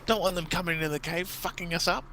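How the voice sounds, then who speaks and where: A man's voice: high voice, steady tone, fast talker, heavy background noise, pitched above the performer's own voice. A man voicing a vicious, bossy male goblin boss who barks coarse, swearing orders. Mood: barking orders.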